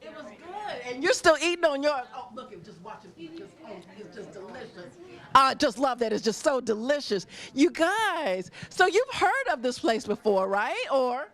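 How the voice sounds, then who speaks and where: A woman with a high, sing-song, slightly bright voice hosts on location in a busy restaurant at a moderate pace. She interviews diners in an upbeat, casual way, bubbly and gushing, and laughs often.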